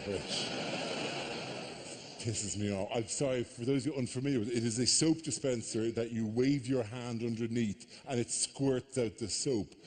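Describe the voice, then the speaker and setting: An Irish man doing live stand-up comedy on a theatre stage, telling stories with animated mock outrage. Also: medium pitch. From Ireland. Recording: live theatre with long reverb.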